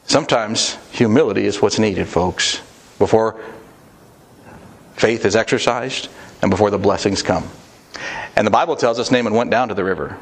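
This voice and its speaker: A man's voice: on the low side, normal speed, long pauses. Earnest man preaching a sermon. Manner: earnest, plain-spoken teaching with quoted prayers.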